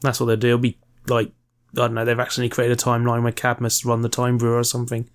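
A man's voice: mid-range voice, monotone, quick pace. A man co-hosting a casual chat, blunt and teasing. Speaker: podcast co-host.

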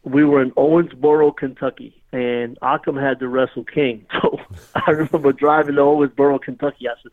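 A man's voice: medium pitch, fairly even intonation, a little fast, no room sound, narrow, tinny audio. A man telling a rambling, casual story as a podcast guest, repeatedly saying "you know what I mean".

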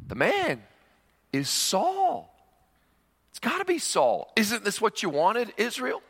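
A man preaching a sermon, animated, with jokey asides and rhetorical questions to the congregation. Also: high-pitched, slow, vocal fry, slightly rough. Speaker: pastor. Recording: long hall reverb.

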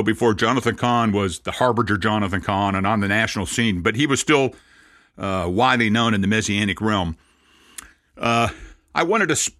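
A man in his sixties, a Messianic rabbi, preaching a sermon through lively anecdotes and dry self-mocking asides. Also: lowish voice, no echo.

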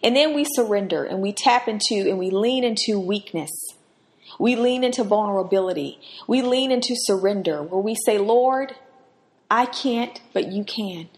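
With a medium-pitched, slightly mellow voice and lively intonation, a female podcast host gives devotional Bible teaching at a normal speed. She's earnest and emphatic, and her pitch jumps sharply when she performs quotations.

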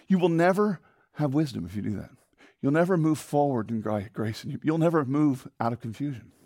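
A man pastor delivers a sermon with a high, very animated voice that leaps up and sinks low. His delivery is emphatic, with sudden quiet asides to the congregation. The sound is dry and close. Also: no room sound. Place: church.

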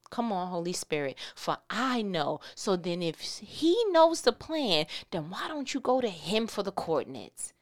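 A young woman giving a passionate devotional pep talk, swinging between hushed asides and loud exclamations. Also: fairly low pitch, expressive, normal speed, smooth. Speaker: faith vlogger.

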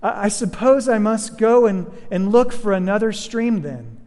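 A man's voice: animated, takes it slowly, a little mellow. A man voicing a thirsty, frightened young girl who stammers timidly, in a long reverb. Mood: fearful. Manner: high, stammering and fearful.

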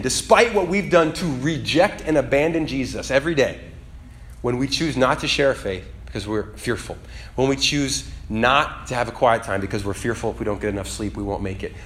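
A man delivering a sermon, talking to the congregation like a friend. His pitch sits at an everyday middle, and he builds from quiet asides to fervent, emphatic climaxes. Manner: conversational, dynamic, rising to emphatic high peaks. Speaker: preacher.

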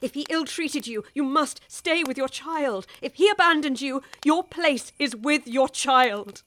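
A woman's voice: high voice, measured pace, a bit bright. Mrs Erlynne, an impassioned older woman. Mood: imploring. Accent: English. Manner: impassioned, pleading, urgent. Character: worldly older woman pleading with a young wife. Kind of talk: radio drama acting.

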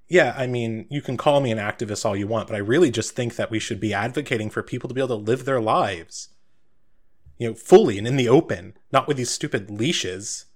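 A man's voice: mid-range voice, brisk, a little mellow, natural voice. A man voicing a nervous young male activist who gets flustered and stammers. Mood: earnest.

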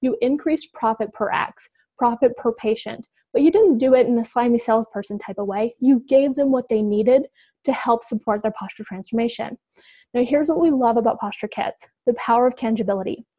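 A woman giving an energetic, direct instructional talk to healthcare providers, addressing them as "you guys". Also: fairly high pitch, fairly quick, dry recording, dull audio. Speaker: business coach for healthcare providers.

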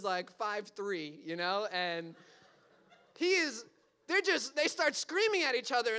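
A man's voice: sits high, bright, forceful tone, clean tone. A young man animatedly telling a personal story, with frequent fillers and bursts of laughter.

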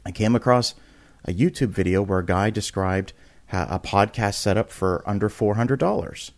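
A man guest on a podcast, telling a story in a casual, animated way, often restarting and repeating words and acting out quotes with big jumps in pitch. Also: moderate pace.

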